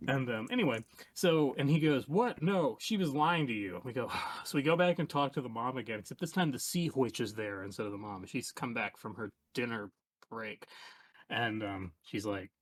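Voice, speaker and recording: A man streaming live, telling a long rambling comic story in a meandering deadpan way, trailing off and restarting. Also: mid-range voice, normal speed, no room sound.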